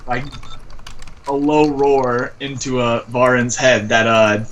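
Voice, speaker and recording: A man's voice: medium pitch, fairly even intonation, takes it slowly, a bit bright, a little hiss or hum. A man playing a tabletop game, describing his character in an offhand way. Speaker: player. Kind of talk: casual game chat.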